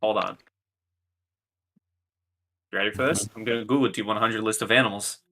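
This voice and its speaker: A man's voice: fairly low pitch, steady tone, normal speed, bright, forceful tone. A man running a tabletop game as game master, casual and joking.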